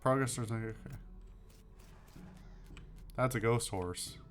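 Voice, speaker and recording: A man's voice: mid-range voice, unhurried, a bit bright, soft background music. A man playing a comedy western game, reading its text aloud with wry, offhand asides. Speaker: let's play gamer. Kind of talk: casual let's play commentary, reading game text aloud.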